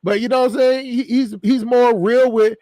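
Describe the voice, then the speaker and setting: A man's voice: very high-pitched, steady tone, normal speed, mellow, no echo. A man hosting a stream, talking in a casual chat and joking crudely, laughing often. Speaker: stream host.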